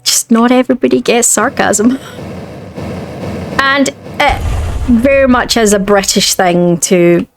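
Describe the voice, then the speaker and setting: A woman's voice: on the high side, slow pace, long pauses, faint music behind. A woman with a Scottish accent, chatting casually while streaming a game, rambling and often restarting her sentences. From Scotland. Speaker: gaming streamer. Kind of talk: casual chat while gaming.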